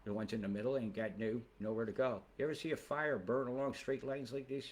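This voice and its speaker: A man's voice: medium pitch, fairly even intonation, quick pace. A man hosting a weather livestream who rambles into angry, profane, conspiratorial rants.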